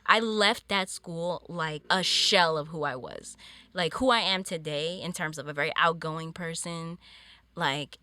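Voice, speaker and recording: A woman's voice: sits low, measured pace. A woman from Peru, a podcast guest, chatting casually and acting out the people in her stories. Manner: animated storyteller, acts out voices in her tales. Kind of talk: casual interview chat.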